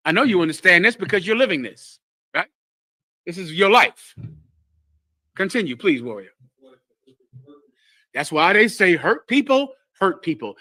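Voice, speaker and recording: A man's voice: high voice, dry recording. A man teaching a scripture class to a live congregation, preaching with call-and-response and speaking straight to listeners. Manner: animated call-and-response, addresses listeners directly.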